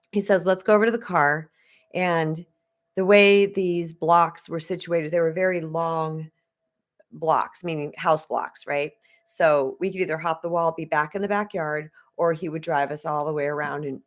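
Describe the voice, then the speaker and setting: A woman with a fairly low voice tells a personal story on a live stream. She is a spiritual coach who talks in a chatty, conversational way and speaks straight to her viewers. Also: steady tone, normal speed. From Arizona.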